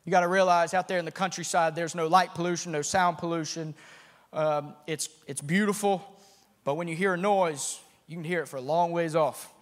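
Guy preaching a sermon, high voice, kind of tense, lots of echo around him. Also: fairly even intonation, brisk. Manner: builds from hushed retelling to shouting fervor; repeats and restarts phrases. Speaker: missionary preacher. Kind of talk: sermon storytelling. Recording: long hall reverb.

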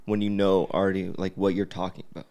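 Man in his thirties, low gravelly voice, musing casual chat. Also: flat delivery, quick pace, darkish tone. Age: 30s.

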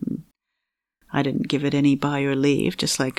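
Gravelly-voiced woman, giggly and animated. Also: extremely low pitch, moderate pace. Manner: animated, giggly, acts out her own past thoughts. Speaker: fertility coach, guest. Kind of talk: candid interview storytelling.

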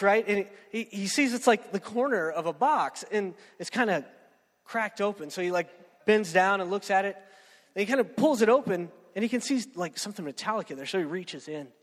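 A man's voice: high voice, fairly bright tone, big-room sound. A man preaching a sermon in a conversational storytelling way, often checking in with "right?". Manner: conversational, keeps asking "right?".

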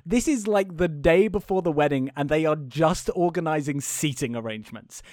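Young guy with a high voice telling the plot all animated, cursing a lot, dry close sound. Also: moderate pace, dry recording. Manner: animated, laughing storyteller who swears casually. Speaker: podcast co-host. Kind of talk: casual chat recapping a film.

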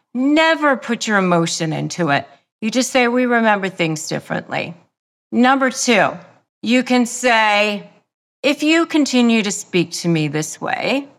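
A woman hosting a self-help podcast, talking straight to the listener in a deliberate way and repeating key phrases for emphasis. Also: medium pitch, a bit bright. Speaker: podcast host. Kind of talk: self-help advice monologue.

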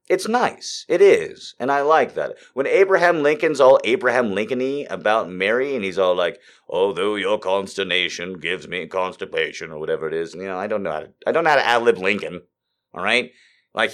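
A man hosting a live show in a casual, rambling, sardonic way, swinging between loud bursts and quiet asides. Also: mid-range voice. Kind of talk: casual live-stream chat.

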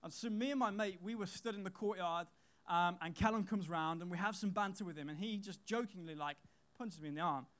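A young man in his twenties gives a casual talk to teenagers, telling school stories in a loose, chatty way. His voice sits fairly high, and he leans on fillers and repeats his key lines. He speaks from a stage to a youth audience. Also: brisk, a bit bright.

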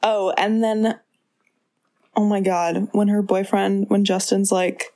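A woman's voice: mid-range voice, flat delivery, slow, warm tone, no echo, studio quality. A young woman co-hosting a casual movie podcast, rambling and agreeable, often trailing off mid-sentence. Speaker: podcast co-host.

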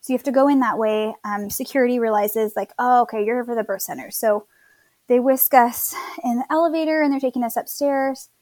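A chatty young woman tells a long story in a relaxed, rambling way, slipping into other people's voices as she quotes them. Her voice sits a little high, and the sound is dry and close with no room around it. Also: brisk, dry recording. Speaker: guest telling her birth story. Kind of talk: casual storytelling.

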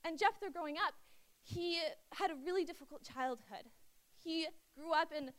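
A woman's voice: very high voice, moderate pace. A young woman preaching a sermon in a conversational way, reading scripture and acting out the people in the story. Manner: conversational, acts out quotes with lively asides. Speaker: youth speaker.

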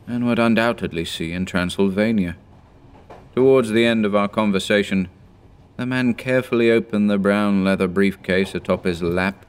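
A man in his thirties narrating a horror story in a measured, grave manner. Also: sits low, clear, resonant tone.

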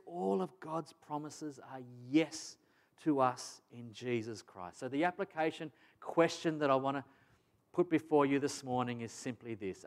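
A pastor preaching a sermon to his church, earnest and emphatic, repeating phrases for stress. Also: mid-range voice. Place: church service.

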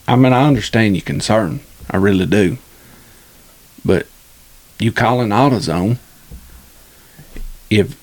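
Dad, middle-aged, drawling casual podcast chatter, even voice. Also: male voice, mid-range voice. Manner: drawling, teasing, Southern slang. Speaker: podcast co-host, father. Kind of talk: casual chat.

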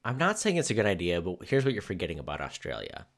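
Male comedy podcast co-host, deep and animated, quick mock voices. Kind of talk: casual comedic banter.

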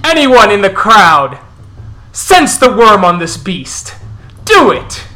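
A man's voice: sits high, sing-song, slow, bright, forceful tone, voice pushed up, full character voice. A man voicing a huge, growling wolf elder who roars commands at his pack in a tabletop role-play. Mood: roaring, commanding. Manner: roaring, commanding speech.

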